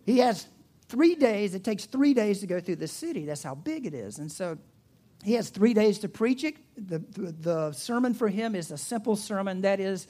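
A man's voice: high voice, very animated, moderate pace, mellow. A man with a Southern US accent preaching a sermon, retelling a story in a chatty, humorous way with asides and restarts. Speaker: pastor.

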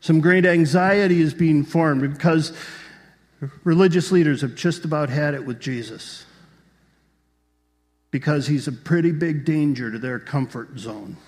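Preaching a sermon, a pastor with a slightly high, darkish voice speaks unhurriedly with long pauses, telling the story vividly and putting rhetorical questions to the congregation. A large hall's long reverb surrounds his voice.

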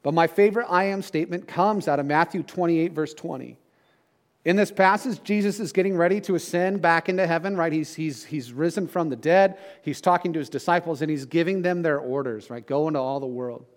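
A man's voice: a little high, brisk. Man preaching in an easy conversational way. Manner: conversational preaching with frequent "right?" asides. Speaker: pastor. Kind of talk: sermon.

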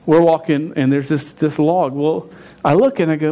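A man in his forties telling a story in a sermon, animated, stumbling and restarting his words as he goes. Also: a little high, moderate pace. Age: 40s. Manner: stuttering with frequent restarts. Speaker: pastor.

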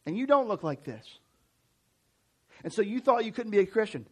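Animated American pastor preaching casually. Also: male voice, high-pitched, moderate pace, pauses often. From United States. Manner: conversational and animated, with frequent restarts. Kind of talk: sermon. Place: church hall with an audience.

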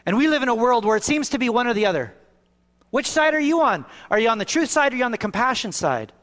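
A man preaching a sermon as pastor, shifting from hushed passages to raised, emphatic ones. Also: very high voice, very animated, fast talker. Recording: long reverb of a hall.

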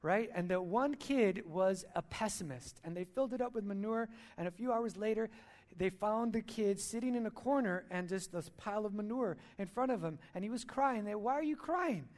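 A man's voice: high voice, moderate pace, a little mellow. A male pastor preaching a sermon at a church service, emphatic, repeating key lines and asking rhetorical questions.

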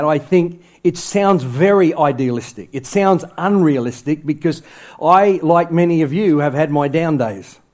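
A male pastor with a slightly high, darkish voice preaches to a congregation in a church sanctuary. His delivery is impassioned, with emphasis that swells and falls away.

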